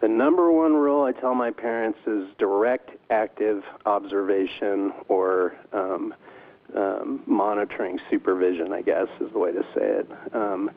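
Deep-voiced man on a phone line. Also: steady tone, moderate pace, vocal fry. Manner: hesitant, many ums and restarts. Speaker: doctor guest. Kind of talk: interview over the phone.

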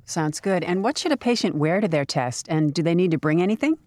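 A woman's voice: fairly low pitch, animated, fairly quick, a little mellow. A woman interviewing a guest, asking short friendly questions with jokey asides.

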